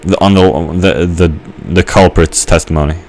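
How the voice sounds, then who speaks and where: A man's voice: deep voice, steady tone, normal speed, darkish tone, a little hiss or hum. A young man giving a rambling let's-play commentary, musing and hesitant with many fillers and restarts. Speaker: gamer.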